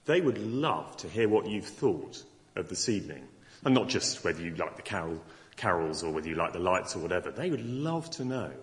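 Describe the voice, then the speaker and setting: A middle-aged male preacher delivers a Christmas sermon in an earnest, conversational way, acting out the doubts of his listeners. His pitch rises and falls in a lively way. The voice rings with the long reverb of a large hall. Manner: earnest, conversational, acts out imagined objections.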